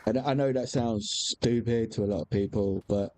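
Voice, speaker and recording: Candid rambling man, low mellow voice. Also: moderate pace. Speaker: game streamer. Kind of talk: casual chat while gaming.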